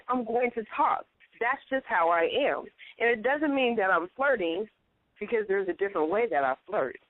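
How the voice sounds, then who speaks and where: A woman co-hosting a casual chat show, telling animated stories and acting out quotes in higher voices. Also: dry recording. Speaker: co-host. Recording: tinny phone-like line, dry.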